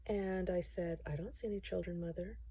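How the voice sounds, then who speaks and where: A middle-aged woman telling a personal testimony to camera in an earnest, gentle way with soft pauses. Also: lowish voice, steady tone, husky. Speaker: testimony speaker.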